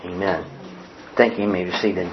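Male pastor, mid-pitch, teaching sermon, deliberate repetitions, slightly dull recording with faint hiss. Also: expressive. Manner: repeats key definitions slowly for emphasis; reads scripture aloud with pauses for note-taking. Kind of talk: sermon with opening prayer.

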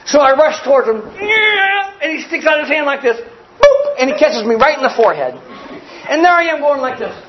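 A man preaching a sermon, telling a story in an animated, folksy way and acting out the scenes for a live congregation. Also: very high-pitched, moderate pace, muffled recording, a crowd in the background. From grew up poor in a small family.

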